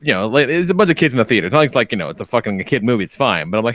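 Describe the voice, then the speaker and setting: Lively, laughing podcast host man. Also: medium pitch, racing, few pauses. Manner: profane, storytelling, laughing often. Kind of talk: casual chat.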